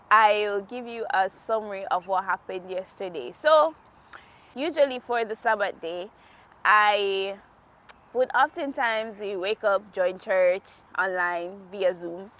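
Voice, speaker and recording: A woman's voice: medium pitch, fairly bright tone. A woman vlogger telling a personal faith story in a casual, heartfelt way, laughing often as she talks outdoors. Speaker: devotional vlogger. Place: outdoors in a quiet natural area.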